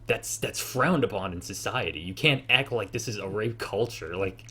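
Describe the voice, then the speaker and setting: A man in a casual online group discussion, speaking haltingly with fillers. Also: lowish voice, bright, forceful tone, husky.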